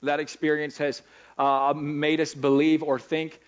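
A man's voice: a little high, flat delivery, unhurried, highs cut off. A middle-aged male pastor preaching a sermon in a chatty way, asking the congregation rhetorical questions. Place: church hall.

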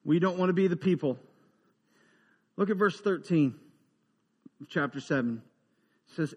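A man preaching a humorous, conversational sermon, dropping into quiet asides and rising into emphatic build-ups. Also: fairly high pitch, animated, normal speed, long pauses, breathy edge, in a large hall. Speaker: pastor.

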